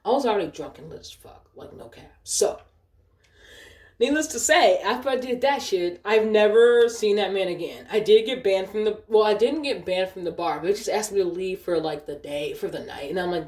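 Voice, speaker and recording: A woman's voice: on the low side, expressive, a little fast, darkish tone. Fired-up woman telling a story, echoey room. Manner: profane, fired-up, repeats herself. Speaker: storytelling vlogger. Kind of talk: casual storytime retelling.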